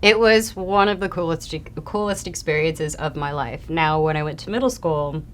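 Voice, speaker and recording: A young adult woman answering fan questions in a casual, chatty way, often trailing off softly. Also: deep voice, moderate pace, a little hiss or hum. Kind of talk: casual Q&A chat.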